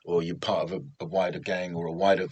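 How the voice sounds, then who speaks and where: A male podcast host asks probing questions in rapid bursts, often restarting them. His voice sits low, and faint background noise is present. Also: flat delivery, darkish tone, lo-fi sound. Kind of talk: conversational interview.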